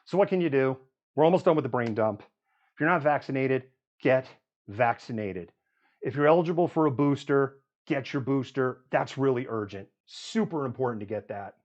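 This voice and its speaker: A man's voice: mid-range voice, moderate pace, a little mellow, highs cut off. Man reeling off statistics on a live show. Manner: reels off statistics with frequent fillers. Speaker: host of a live news show. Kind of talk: live news commentary.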